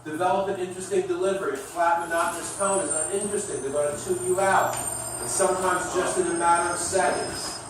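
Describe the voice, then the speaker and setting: A middle-aged man giving a sales training lecture to a class, coaching in an animated way. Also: sits high, fast talker, noisy background. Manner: animated coaching, demonstrates with his voice. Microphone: distant room mic. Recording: echoey room recorded from far off.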